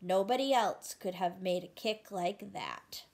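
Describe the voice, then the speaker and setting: A woman's voice: mid-range voice, unhurried, a little mellow, close to an everyday voice. A woman voicing a cheerful young girl bunny in a read-aloud picture book, speaking with proud admiration. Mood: admiring.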